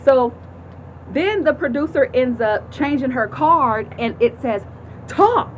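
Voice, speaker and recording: A woman in her thirties casually telling a story to her viewers, animated and chatty, acting out voices and often laughing. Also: sits high, measured pace, highs cut off, a little hiss or hum. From California. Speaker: vlogger telling a personal story. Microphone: phone camera.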